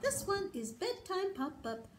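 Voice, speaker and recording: Woman, children's librarian, toddler storytime, very high voice, slow unhurried delivery. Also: slight background noise. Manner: sing-song, animated, exaggerated. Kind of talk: toddler storytime with songs and rhymes.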